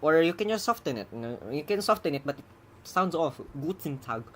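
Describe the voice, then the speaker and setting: Brisk and animated, this mid-range, slightly bright voice comes from a programmer casually commenting on their own coding stream. They chuckle, mutter and ramble while debugging, with typing behind and a little hiss or hum.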